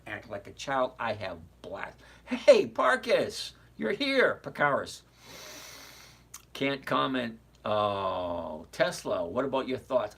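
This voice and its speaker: Man in his sixties, casual livestream host, chatty, greets viewers by name, husky voice, lively intonation. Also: mid-range voice. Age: 60s.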